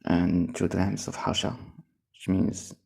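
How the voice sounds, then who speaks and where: Rambling stoned man, low gravelly voice. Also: flat delivery, takes it slowly, darkish tone. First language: Arabic. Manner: rambling, drifting, chuckling. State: high on cannabis. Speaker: English teacher. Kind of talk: casual recorded monologue.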